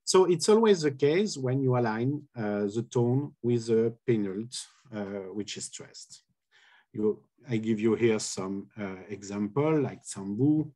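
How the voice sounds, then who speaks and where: Taking it slowly, a linguistics lecturer with a medium-pitched, mellow, expressive voice presents a colloquium talk. His step-by-step explanation is hesitant, with lots of filler sounds and self-corrections.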